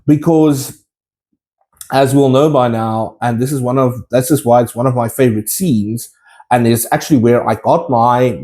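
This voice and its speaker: An enthusiastic man chats straight to his viewers about his collectibles. He rambles and restarts as he goes. His voice is mellow and warm. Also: medium pitch. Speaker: collectibles vlogger. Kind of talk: casual chat to viewers.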